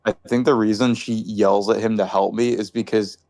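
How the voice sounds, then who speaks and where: A man co-hosting a casual movie discussion, speaking in a calm, measured way. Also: fairly low pitch. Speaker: podcast co-host.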